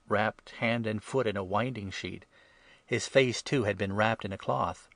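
Low-voiced man reading scripture. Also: steady tone, unhurried, no room sound. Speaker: reader.

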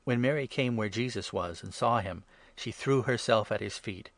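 A man reading scripture aloud in a steady, even narration. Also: on the low side, moderate pace, no echo. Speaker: reader.

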